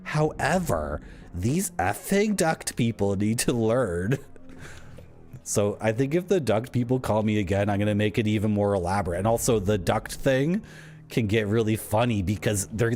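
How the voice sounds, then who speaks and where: A man's voice: on the low side, very animated, moderate pace, a little mellow. Man rambling over gameplay. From Southern Ontario, Canada. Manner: rambling, wry storytelling. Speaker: game streamer. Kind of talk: casual gameplay commentary. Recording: faint music behind.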